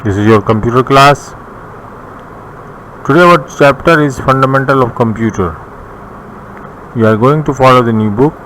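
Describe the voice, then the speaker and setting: A man with a Bangladeshi English accent teaching a recorded computer lesson, reading his notes slowly with pauses and some restarts. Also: medium pitch, fairly bright tone, poor audio. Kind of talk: recorded classroom lecture. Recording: faint background noise.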